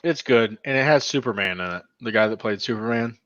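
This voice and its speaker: A man's voice: mid-range voice, a little fast, fairly bright tone, no room sound, lo-fi sound. A man hosting a casual live chat show, chatty and given to laughing, busy with his screen as he talks. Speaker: podcast host.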